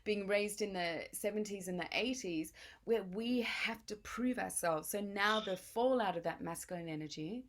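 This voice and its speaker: A woman's voice: mid-range voice, moderate pace. A woman in her late forties hosting a casual conversation, frank and emphatic, swearing freely. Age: 40s. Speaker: podcast host.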